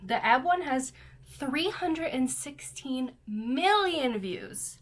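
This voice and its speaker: A woman's voice: high voice, lively intonation, slow. A young woman chatting casually to her camera in her bedroom, bubbly and self-deprecating. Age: young adult. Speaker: vlogger. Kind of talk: casual vlog chat. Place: bedroom at home.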